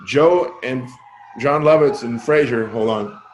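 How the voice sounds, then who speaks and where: Animated man telling a comedy story. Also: slow, slight background noise. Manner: animated, acts out quoted dialogue with jumps in pitch; self-deprecating, laughs at his own story. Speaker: comedian guest. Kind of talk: casual podcast storytelling.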